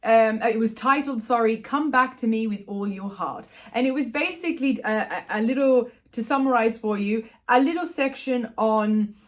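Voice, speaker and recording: A fairly high-voiced woman vlogs at home into her phone's front camera. She chats casually and keeps correcting herself, then reads a short devotional text aloud in a gentle voice. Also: moderate pace, hardly any pauses. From Ireland. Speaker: vlogger. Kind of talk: casual vlog with devotional reading.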